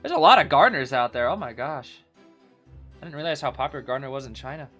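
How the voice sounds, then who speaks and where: A man casually co-watching an esports final, reacting excitedly and often saying "bro". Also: medium pitch, fast, faint music behind. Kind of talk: casual live watch-along commentary.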